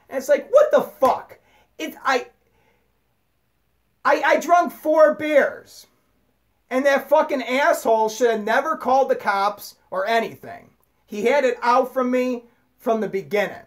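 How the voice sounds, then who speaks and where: A man's voice: extremely high pitch, unhurried. Profane, stammering ranting man. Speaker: vlogger. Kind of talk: angry unscripted monologue.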